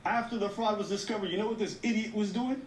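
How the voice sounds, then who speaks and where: A man's voice: high voice, fairly even intonation, fast talker. A man talks through a news story in casual commentary. He explains at length, reads quotes aloud and swears freely. His voice sounds roomy and a little far from the mic, with faint room noise behind it. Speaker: co-host of a commentary show.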